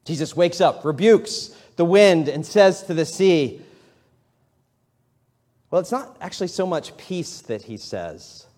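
Conversational preacher in a reverberant church. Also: male voice, fairly high pitch, expressive, takes it slowly, a little mellow. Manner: conversational preaching, rising emphatic delivery. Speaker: pastor. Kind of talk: sermon. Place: church sanctuary. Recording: long hall reverb in church.

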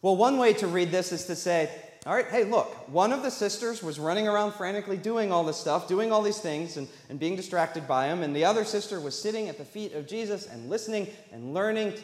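Male pastor, slightly high voice, chatty sermon delivery, echoey church hall. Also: animated, fairly quick. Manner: conversational, asks the congregation questions. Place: church sanctuary. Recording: echoey hall, long reverb.

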